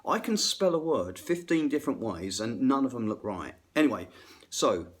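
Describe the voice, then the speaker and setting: A man's voice: medium pitch, sing-song, normal speed. A middle-aged man, a musician, ranting unrehearsed between bits of playing, rambling, self-deprecating and swearing freely. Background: faint guitar playing.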